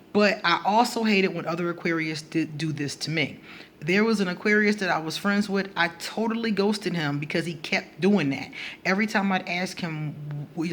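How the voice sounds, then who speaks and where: A woman talking straight to camera in a casual astrology vlog, blunt and animated, breaking into laughter between her points. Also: on the low side. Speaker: astrology vlogger.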